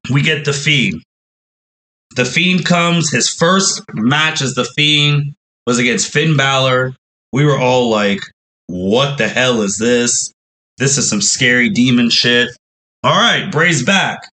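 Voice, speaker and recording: A man's voice: a little high, pushed and bright, low-quality recording. A man hosting a wrestling podcast, recapping in a casual, storytelling way and acting out the fans' reactions as quotes.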